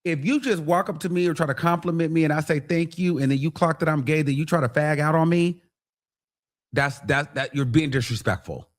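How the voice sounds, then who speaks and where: A man talks straight to his livestream viewers, blunt and animated, his voice sitting a little above the usual male range. He breaks off now and then to mimic other people. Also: on the high side, brisk. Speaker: livestream host. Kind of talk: casual commentary to viewers.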